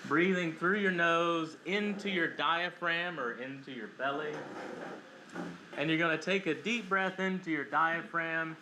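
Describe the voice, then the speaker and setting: A man, a chaplain, gently guiding a group through a breathing exercise, calm and lightly joking. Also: on the high side, unhurried. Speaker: chaplain and guest speaker. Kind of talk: guided breathing exercise and talk. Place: church hall, without a mic. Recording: echoey hall with noise.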